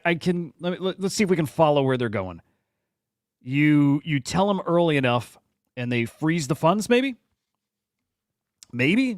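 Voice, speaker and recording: A man's voice: a little high, dry recording, studio quality. A man hosting a casual livestream about crypto news, rambling and exasperated, stumbling over many restarts. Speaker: crypto show host.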